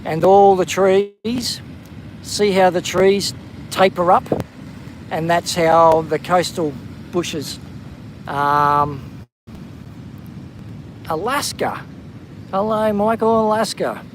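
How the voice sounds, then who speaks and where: A man's voice: high-pitched, slow pace, long pauses, a little hiss or hum, rough recording. A man with an Australian accent hosting a live stream while walking outdoors, chatting casually and greeting viewers by name. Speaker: livestream host. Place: outdoors on a windy coastal headland.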